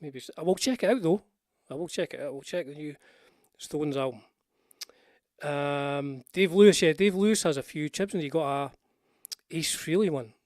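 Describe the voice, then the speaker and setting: Hosting a rambling livestream, an older Scotsman speaks at a moderate pace with long pauses, his fairly high voice carrying a darkish tone. The audio is clean studio sound without room sound, and his casual chat meanders through frequent restarts and asides.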